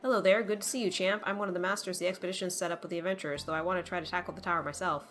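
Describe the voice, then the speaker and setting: A woman voicing a boastful raider master in a video game, breezy and brisk. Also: on the low side, steady tone, a bit bright, faint music behind, close to an everyday voice. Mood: brash.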